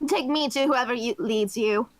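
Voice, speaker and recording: A woman's voice: on the high side, normal speed, no echo, natural voice. A woman playing a brash bounty hunter. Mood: demanding. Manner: loud, demanding. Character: brash loud female bounty hunter with no eyebrows.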